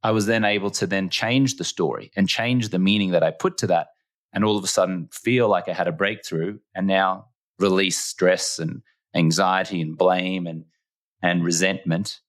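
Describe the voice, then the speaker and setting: A very low-pitched Australian man speaking as an interview guest. He tells his stories earnestly and leans on repeated phrases for emphasis, with a reflective, conversational delivery. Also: steady tone, normal speed. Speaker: podcast guest.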